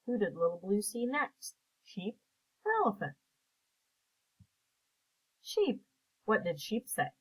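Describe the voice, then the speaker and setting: A woman teacher reading a picture book aloud and asking simple comprehension questions in a slow, clear, patient way. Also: mid-range voice, big pitch swings, rough recording.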